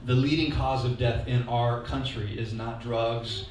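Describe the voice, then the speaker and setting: A man preaching a lively sermon as pastor, leading the congregation in call-and-response. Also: medium pitch, measured pace, a little hiss or hum. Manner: animated, leads call-and-response, asks the congregation to repeat lines. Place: church hall. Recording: echoey hall, mic heard from a distance.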